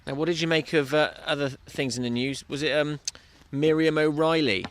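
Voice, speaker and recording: A man's voice: fairly high pitch, fairly even intonation, a little fast. A male radio presenter with a handheld mic, joking and asking questions during a casual outdoor chat. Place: outdoors in a farm field. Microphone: handheld microphone. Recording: outdoor noise, mic handling clicks.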